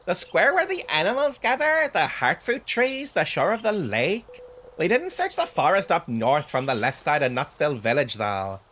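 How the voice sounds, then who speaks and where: A man's voice: a little high, big pitch swings, moderate pace, bright, forceful tone, a little hiss or hum, pitched above the performer's own voice. A man voicing a chattering flock of gossiping fairies in a video game, reading their lines in a mocking, breezy way. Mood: flippant.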